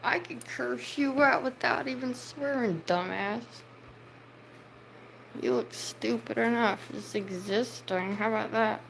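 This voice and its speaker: A woman's voice: mid-range voice, creaky, a bit bright, a little hiss or hum, poor audio. A woman livestreaming, ranting heatedly at her viewers' comments and swearing as she scolds them. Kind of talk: livestream rant at chat.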